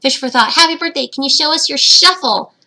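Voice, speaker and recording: Giggly woman with a gravelly, cracking voice. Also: high-pitched, brisk, pushed and bright. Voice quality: voice slightly cracking. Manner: chatty and giggly, reads comments aloud. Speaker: fish-keeping channel host, betta breeder. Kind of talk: casual livestream Q&A, reading chat. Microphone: webcam.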